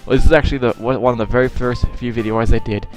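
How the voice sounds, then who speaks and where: A man's voice: mid-range voice, steady tone, fast talker, darkish tone, faint music behind, rough recording. A young man casually commenting on his own old videos, self-mocking and swearing freely, with exasperated outbursts.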